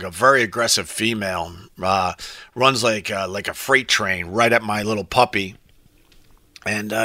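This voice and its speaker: Bright-voiced, profane live-stream man. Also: lowish voice, no room sound, studio quality. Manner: loose and profane, with rambling asides. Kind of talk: casual chat reading viewer comments.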